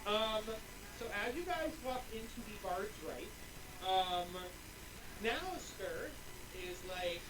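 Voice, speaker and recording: A woman's voice: mid-range voice, expressive, slow. A woman running a tabletop game as game master, hesitant and full of fillers, laughing often. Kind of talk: narrating a tabletop game with players. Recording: loud background noise.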